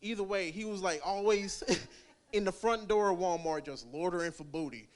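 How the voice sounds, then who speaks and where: A man's voice: sits high, normal speed. A young man doing rambling, crude stand-up at an open mic, laughing at his own jokes. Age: young adult. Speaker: stand-up comic.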